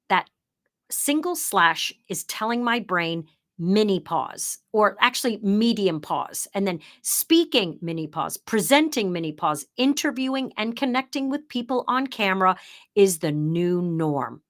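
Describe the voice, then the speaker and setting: A woman's voice: medium pitch, very animated, a little slow, a bit bright. Woman, middle-aged, workshop presenter, chatty, hands-on explaining, video call from home office. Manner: drops into emphatic, broadcaster-style read when showing the script. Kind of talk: online workshop teaching.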